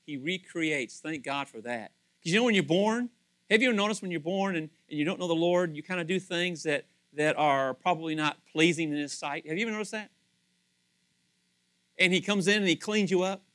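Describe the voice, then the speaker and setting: A male pastor giving a sermon in a chatty storytelling way, acting out little scenes and swinging from loud to soft. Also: sits high, no echo. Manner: conversational storytelling, acts out voices.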